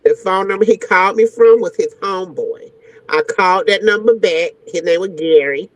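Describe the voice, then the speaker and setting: A woman's voice: medium pitch, moderate pace, no room sound. A woman guest entertainer telling a story in a frank, profane, slang-heavy way. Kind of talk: animated storytelling. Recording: dull lo-fi, dry sound.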